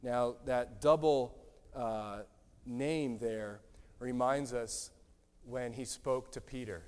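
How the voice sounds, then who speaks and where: A man preaching a sermon in an earnest, gently emphatic way, often repeating his words. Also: mid-range voice, slow, clear, resonant tone. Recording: long hall reverb.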